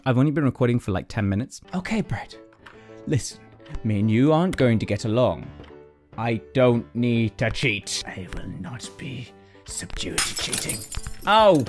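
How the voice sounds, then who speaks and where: A man doing exasperated, self-mocking gameplay commentary, yelping often. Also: mid-range voice. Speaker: gaming YouTuber. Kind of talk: game commentary.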